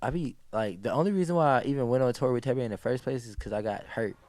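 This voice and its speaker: A man's voice: mid-range voice, fast talker, no room sound. A man, a guest on a podcast, telling stories in casual, slang-heavy talk and acting out what people said. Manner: animated, acts out quoted exclamations, heavy slang and swearing. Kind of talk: casual storytelling.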